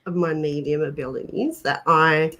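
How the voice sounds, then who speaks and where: A woman's voice: deep voice, steady tone, moderate pace, a bit bright, slight background noise. An Australian woman co-hosting a livestream, chatting and bantering playfully with viewers. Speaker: co-host of a paranormal livestream. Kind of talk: casual livestream chat.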